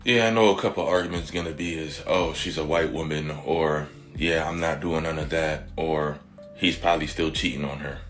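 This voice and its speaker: A man with a very deep voice hosts a reaction show and talks in a blunt, exasperated way. Faint music plays underneath him. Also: steady tone, normal speed, a bit bright. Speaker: reaction channel host. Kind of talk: reaction commentary.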